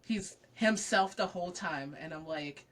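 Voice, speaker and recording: A woman guest in a casual interview, telling a story in an animated way with lots of acted-out dialogue and frequent laughs. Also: on the low side, unhurried. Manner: laughs often while talking.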